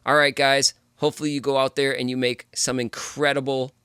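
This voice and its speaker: Man with a smooth, dry voice. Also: mid-range voice, fairly quick, no room sound. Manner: relaxed, explains step by step as he works. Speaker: music production tutorial host. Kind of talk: casual screen-recorded tutorial.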